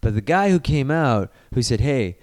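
A man's voice: mid-range voice, expressive, normal speed, a little mellow. A man in casual podcast chat reviewing a movie, retelling scenes animatedly and swearing freely.

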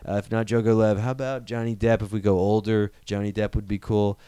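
A man hosting a casual chat, animated and profane, who rambles as he talks. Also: fairly low pitch, brisk, smooth.

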